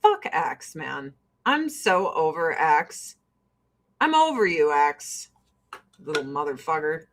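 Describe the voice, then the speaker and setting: A woman's voice: sits low, sing-song, slow. A woman in her forties ranting casually and profanely to camera while getting ready. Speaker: vlogger.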